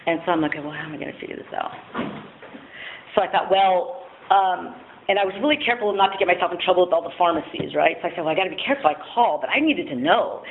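A woman's voice: fairly low pitch, fast. A woman giving a candid personal testimony at a recovery meeting, frank and self-mocking, laughing often and swearing casually. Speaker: speaker sharing at a recovery meeting. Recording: tinny phone-like audio with faint noise.

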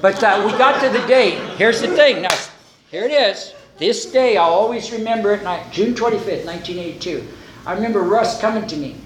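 Older male speaker, high voice, lively storyteller doing voices, roomy hall echo. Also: a little fast. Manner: animated storyteller acting out voices, chuckling. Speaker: recovery meeting speaker. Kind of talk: personal recovery story.

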